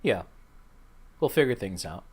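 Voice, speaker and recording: A man's voice: on the low side, very animated, unhurried, a little mellow, slightly rough, dry recording, studio quality. A man playing a tabletop role-playing game, speaking bluntly and confrontationally. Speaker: player.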